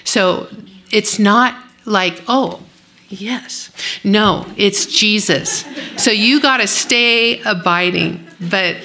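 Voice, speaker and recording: A woman's voice: medium pitch, slow, bright, forceful tone. A woman leading a women's Bible study, teaching and praying in an earnest, encouraging way.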